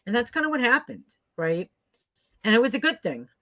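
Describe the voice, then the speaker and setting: A woman's voice: a little high, sing-song, a little fast, pushed and bright, no room sound. A middle-aged woman as a podcast guest, speaking earnestly and reflectively, often ending with "right?" and laughing easily. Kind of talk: conversational interview.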